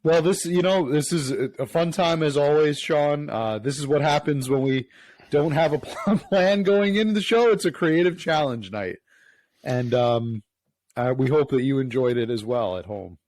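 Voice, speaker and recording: A man's voice: fairly high pitch, normal speed, a little mellow, low-quality recording. A man co-hosting a podcast in casual chat, playful and chuckling, often restarting his sentences. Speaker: podcast co-host.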